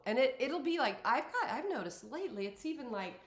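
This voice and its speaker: A woman's voice: sits high, a little fast, hardly any pauses. A woman hosting an interview, affirming her guest and talking with animation. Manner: warm, affirming, animated when acting out inner voices. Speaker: host. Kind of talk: conversational interview. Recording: echoey room.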